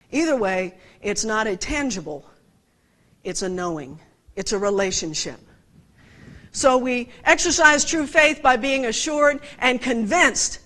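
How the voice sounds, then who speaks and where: A woman's voice: sits high, a bit bright, rough recording. A woman preaching a sermon, telling personal stories with passion and asking her listeners rhetorical questions.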